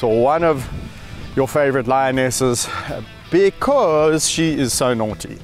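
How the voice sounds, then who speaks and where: Man, sanctuary keeper, outdoors, coos at lions, unhurried, faint music behind. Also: on the high side. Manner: animated, coos and calls to the lions with affection. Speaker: wildlife sanctuary keeper and channel host. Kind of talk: casual vlog narration while handling lions.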